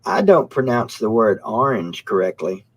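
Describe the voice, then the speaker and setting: Joking, cussing live-stream host. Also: male voice, on the low side, sing-song, normal speed, breathy edge. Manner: profane, joking, reads comments. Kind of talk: casual live-stream chat.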